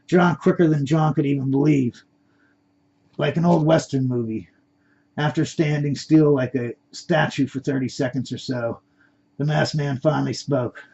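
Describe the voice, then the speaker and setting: A man's voice: on the high side, steady tone, moderate pace, gravelly, dark tone, dull audio, a little hiss or hum. A man reading his own story aloud in a plain amateur way, with stumbles and restarts.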